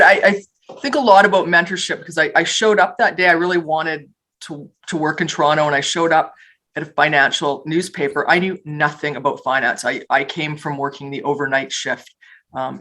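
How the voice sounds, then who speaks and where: A woman on a panel, telling lively stories from her reporting career, with frequent restarts. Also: low voice, rough recording. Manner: animated storytelling with restarts and laughs. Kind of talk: panel discussion, personal anecdotes.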